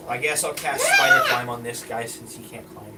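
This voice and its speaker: A joking tabletop player whose voice swings widely in pitch. He is heard from a distance, with loud background noise all around. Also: wildly swooping pitch, brisk. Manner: teasing, joking. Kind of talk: casual tabletop chat.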